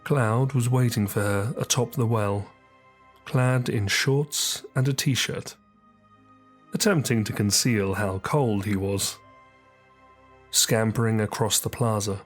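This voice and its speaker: A man reading an audiobook story as narrator, measured and descriptive. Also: on the low side.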